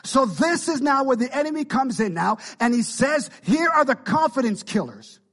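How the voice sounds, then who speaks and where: A man's voice: very high-pitched, animated, moderate pace, fairly bright tone. A male pastor preaching an impassioned sermon and calling out to his congregation.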